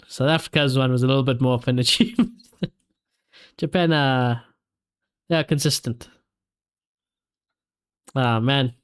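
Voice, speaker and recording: A man hosting a live football watchalong stream, reacting excitedly to the play and reading out viewer comments. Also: medium pitch, unhurried, pauses often, smooth.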